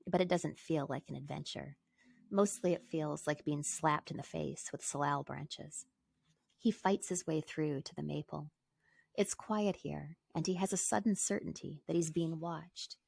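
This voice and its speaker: Canadian-raised author lady reading her book, low husky voice, dry sound. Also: darkish tone, no echo. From British Columbia, Canada. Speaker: novelist, guest. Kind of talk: reading from her novel, then chat.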